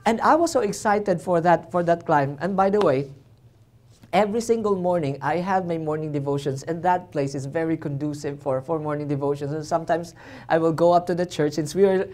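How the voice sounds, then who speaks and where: A man's voice: on the high side, a little fast. A man, a traveling missionary, telling a personal testimony in a church sermon with self-deprecating jokes and acted-out reactions. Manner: lively storyteller, self-deprecating jokes, acts out his own reactions.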